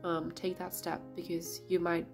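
A woman painter narrating her vlog in a casual voice-over, raspy and a bit sick, talking hesitantly with many fillers. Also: fairly low pitch, completely flat delivery, moderate pace, over music. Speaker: painter vlogger.

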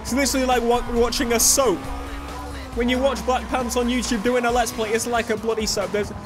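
A man hosting a racing-game let's play, rambling and excitable, yelling one moment and muttering the next. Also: very high voice, fairly quick. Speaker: gaming channel host. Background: racing game music and engine sounds.

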